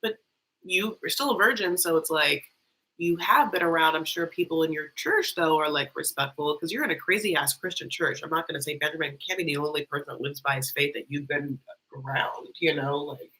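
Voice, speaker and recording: Bright, sarcastic woman reacting live. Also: deep voice, fairly quick, low-quality recording. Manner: chatty, sarcastic, rambling. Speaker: YouTube host.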